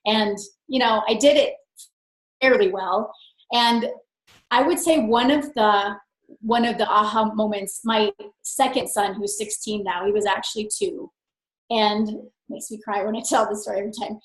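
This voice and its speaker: A woman guest in an interview, telling stories in a lively, expressive way and laughing often. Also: medium pitch, normal speed, roomy sound, poor audio. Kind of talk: conversational interview.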